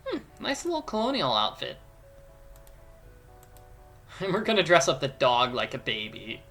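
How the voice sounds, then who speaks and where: A man's voice: a little high, wildly swooping pitch, a little slow, sharp tone, faint music behind. Playful man narrating a game walkthrough. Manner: playful, explains steps, jokes and does voices. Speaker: let's play commentator.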